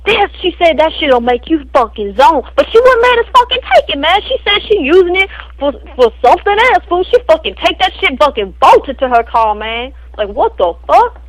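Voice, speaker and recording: A woman's voice: high-pitched, big pitch swings, moderate pace, hardly any pauses, rough recording. A woman voicing a crude, boastful street guy in an improvised comedy spoof, who rambles in slang and tacks "man" and "fool" onto every phrase.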